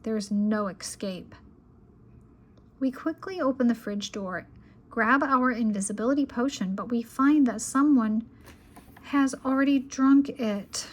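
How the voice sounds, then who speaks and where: A woman reading a children's picture book aloud in a calm, gentle bedtime manner, at times sinking to a whisper. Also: a little high, unhurried. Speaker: children's storyteller.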